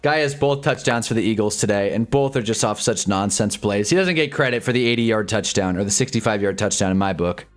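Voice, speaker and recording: A man's voice: lowish voice, faint music behind. Ranting young man streaming football. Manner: frustrated, ranting, quick reactions. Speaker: streamer watching live football. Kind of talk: live sports watch-along commentary.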